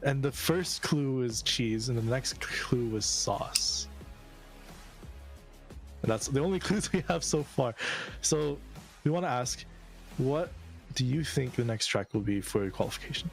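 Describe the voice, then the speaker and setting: A man co-hosts a post-race chat and puts a question to the driver in a loose, easygoing way. His voice sits at an ordinary pitch, with faint music in the background. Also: expressive, measured pace, gravelly, pauses often. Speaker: co-host. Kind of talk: casual post-race interview.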